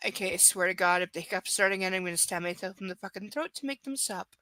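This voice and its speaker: Quick and pushed, with a bright medium-pitched voice and no room sound, a woman reads a novel live to her stream. She frequently stops to chat, swear and tease viewers by name.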